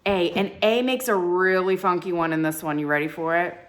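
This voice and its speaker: A woman teacher leading a live classroom phonics lesson, sounding out syllables slowly and encouraging her students. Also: fairly low pitch, fairly even intonation. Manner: slow, drawn-out syllable sounding.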